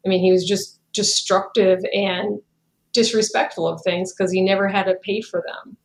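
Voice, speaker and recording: A woman's voice: medium pitch, fairly even intonation, normal speed. A woman in her thirties telling her own story in a candid, conversational way, full of "like" and "you know", often quoting what was said. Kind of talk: candid personal account. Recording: roomy echo.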